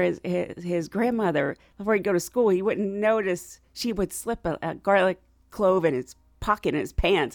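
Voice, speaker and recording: A middle-aged American woman telling a travel story in a chatty, animated way, laughing often and acting out what she and others said. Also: on the high side, creaky, dry recording, clean studio sound. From United States.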